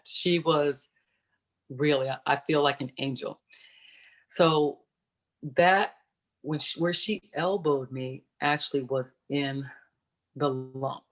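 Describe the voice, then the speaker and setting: A woman's voice: low-pitched, a bit bright. A woman in her forties, a former pro athlete, telling her personal story on a virtual panel over a video call, conversational and explaining as she goes. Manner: conversational, explains and checks in with "right?". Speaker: panelist, former professional basketball player.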